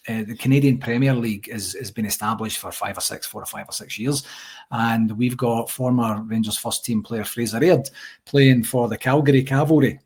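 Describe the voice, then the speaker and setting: A middle-aged man with a Scottish accent talks through his stories in a lively, chatty way. His voice is slightly husky, pitched at an ordinary middle height. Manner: chatty storyteller, animated anecdotes. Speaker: interview guest, supporters' association president. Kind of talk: casual conversational interview.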